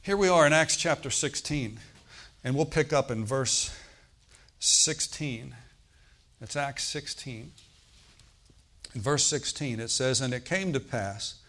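A man preaching a sermon, reading scripture aloud and explaining it in a conversational way, often checking in with the congregation and rising in pitch and volume on key points. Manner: rises in pitch and volume on emphatic points, trails off quietly. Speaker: pastor.

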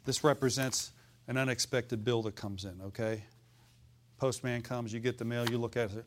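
A man's voice: medium pitch, fairly quick, a little hiss or hum. A man preaching a sermon as pastor, folksy and fiery, calling out to the congregation for responses.

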